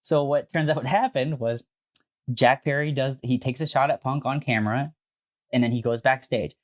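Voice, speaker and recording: A man co-hosting a podcast, telling a story in a casual, animated way with frequent swearing and filler words. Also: medium pitch, moderate pace. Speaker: podcast co-host.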